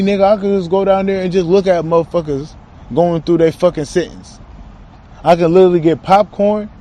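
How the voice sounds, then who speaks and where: A man's voice: a little high, warm tone. A young man talking casually in a rambling spiritual monologue, slangy and trailing off, recorded outside. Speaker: self-described channeler.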